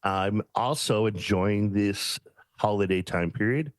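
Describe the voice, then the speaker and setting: A man co-hosting a podcast in a relaxed, easygoing chat. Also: on the low side, slow pace, dry recording. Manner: laid-back, easygoing. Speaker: podcast co-host.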